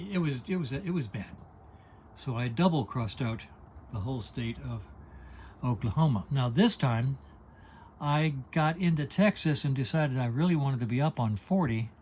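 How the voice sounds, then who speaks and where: A man's voice: mid-range voice, normal speed, a little mellow, breathy edge. An older man talking casually to his camera inside an RV, folksy and digressive, with wry asides and frequent restarts. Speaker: vlogger on an RV trip. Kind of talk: casual rambling vlog. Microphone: handheld camera.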